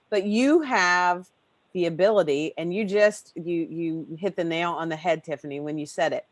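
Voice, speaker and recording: A woman's voice: fairly low pitch, moderate pace, dry recording. A woman hosting a podcast, talking in an effusive, rambling way and swearing casually. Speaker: podcast host.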